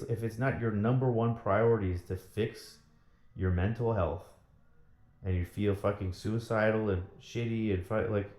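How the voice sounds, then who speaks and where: In an echoey room, a male vlogger launches into a bitter, profane personal rant about a former partner, frequently repeating himself. His voice is fairly low with a darkish tone.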